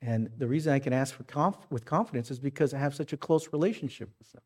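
A man preaching a sermon, telling stories in an animated way with repeated phrases. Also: medium pitch, fast talker. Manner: storytelling, animated, repetitive phrasing. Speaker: pastor.

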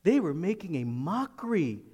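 A man preaching a sermon as pastor in a church, animated and laughing as he acts out the people he talks about. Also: high voice, moderate pace, husky, in a large hall. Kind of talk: expository sermon.

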